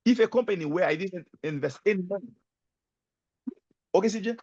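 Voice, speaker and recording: A man giving a motivational sales talk as a guest speaker, telling his story in an emphatic, animated way and often turning to the host by name. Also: high voice, a little fast, no echo. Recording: dull lo-fi audio.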